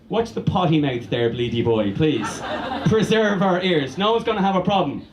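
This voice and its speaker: A man's voice: sits high, big pitch swings, fairly quick, roomy sound. A man with an Irish accent doing a stand-up comedy set, rambling, swearing freely and teasing the crowd. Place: comedy bar venue, live audience.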